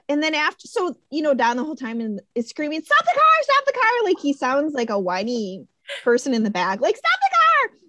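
In a casual conversation about a movie, a woman talks animatedly and jumps into high-pitched voices whenever she quotes the characters. The recording has no echo.

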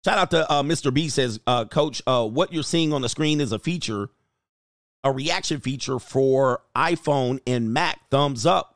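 A man's voice: medium pitch, normal speed, no room sound, clean studio sound. A man hosting a show, chatting casually as he reads viewer comments aloud, exclaiming and laughing often. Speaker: host and coach.

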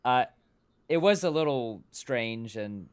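A man co-hosting a movie podcast in casual chat, talking haltingly with many restarts as he shares fun facts. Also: mid-range voice, expressive, clear, resonant tone. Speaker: podcast co-host.

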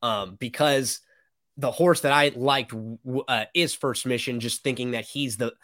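A man's voice: medium pitch, a little slow, a bit bright. A man appearing as a podcast guest, chatting easily and informatively about horse racing. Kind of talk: casual podcast conversation.

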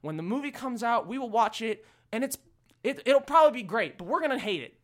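A man's voice: very high-pitched, sing-song, brisk. A man co-hosting a podcast in casual chat, rambling, swearing freely and laughing often. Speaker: podcast co-host.

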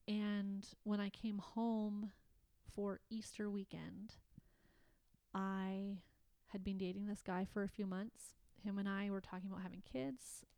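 A woman from Canada shares a heartfelt personal story, her telling halting and emotional, full of restarts. Her voice sits at an ordinary pitch and was caught close up in a dry room with no echo. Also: flat delivery, mellow, clear, resonant tone. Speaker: guest. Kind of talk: personal testimony in conversation.

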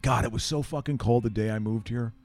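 Laid-back man, warm dark tone, agreeable rambling chat. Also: mid-range voice, a little fast. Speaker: viewer commenting on a TV broadcast. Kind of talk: casual chat.

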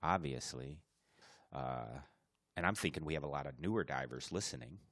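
A man's voice: rumbling low, normal speed, fairly bright tone, no echo, clean studio sound. A man co-hosting a podcast in casual chat, chatty and joking. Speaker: podcast co-host.

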